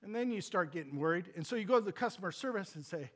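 Male pastor, higher voice, loose funny storyteller who drifts into scripture. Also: quick pace, few pauses. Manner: animated, joking, rambling with restarts. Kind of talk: sermon with personal storytelling.

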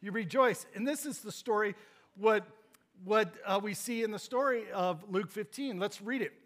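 Male pastor, higher voice, loose funny storyteller who drifts into scripture. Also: moderate pace. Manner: animated, joking, rambling with restarts. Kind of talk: sermon with personal storytelling.

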